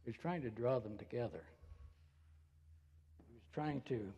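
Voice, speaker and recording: A male pastor preaching a sermon, posing rhetorical questions in a slow, deliberate way. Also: mid-range voice, mellow, breathy edge, big-room sound. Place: church sanctuary.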